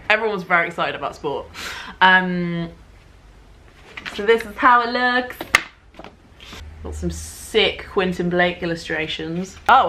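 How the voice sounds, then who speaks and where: A young woman from England talks straight to camera in a loose, chatty way. Her voice sits a little low, and she pokes fun at herself with easy laughs along the way. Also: bright, forceful tone. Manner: chatty, self-mocking, laughs while talking. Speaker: vlogger. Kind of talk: casual chat to camera.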